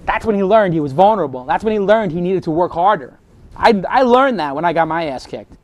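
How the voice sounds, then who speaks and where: A man, speaking to students as the host. He tells motivational stories with punchy sound effects and lively, animated delivery. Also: high-pitched, fairly quick. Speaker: host giving a talk to students. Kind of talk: motivational storytelling.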